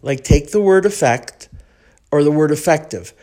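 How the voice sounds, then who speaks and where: Speaking at a normal pace, the Chicago-born podcast host has a low, expressive voice with a dark tone. Her casual monologue wanders in a thoughtful way, full of ums, and her Chicago accent places her in the United States.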